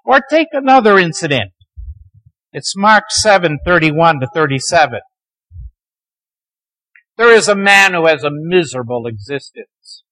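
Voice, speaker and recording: Guy teaching a bible class, slow and dramatic, bright voice, kinda high for a man. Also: big pitch swings, low-quality recording. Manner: dramatic storytelling, dropping to near hushed tones. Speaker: Bible lecturer.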